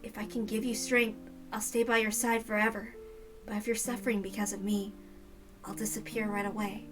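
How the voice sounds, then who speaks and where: A woman voicing a meek, sorrowful teenage boy in a soft, lowered, hesitant voice. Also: level tone, fairly quick, music in the background, natural voice.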